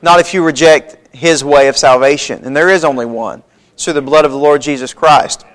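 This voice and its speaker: A man's voice: fairly high pitch, fairly quick. A man preaching a sermon, reading scripture aloud in a folksy, emphatic way. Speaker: pastor. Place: church sanctuary.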